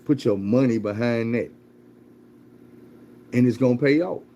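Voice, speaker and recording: A man's voice: mid-range voice, measured pace, mellow, lo-fi sound, slight background noise. A man telling a motivational story in a blunt, profane, repetitive way.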